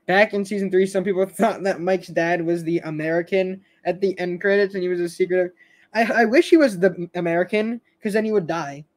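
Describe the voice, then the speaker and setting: High-voiced young man rambling about a show. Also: fairly quick. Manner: rambling, stammers and restarts, laughs often. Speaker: show fan host. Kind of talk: casual fan commentary stream.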